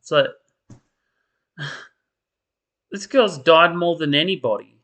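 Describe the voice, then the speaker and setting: A man's voice: a little high, slow pace, a bit bright. A man, perhaps, ranting in casual commentary, tired and exasperated, with mocking impressions of characters. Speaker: soap opera commentator.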